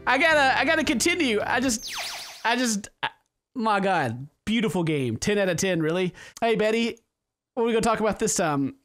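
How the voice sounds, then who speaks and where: High and a bit bright, this man's voice carries his rambling let's-play commentary as a gaming YouTuber. He laughs a lot and overacts mock-romantic lines to a character in the game.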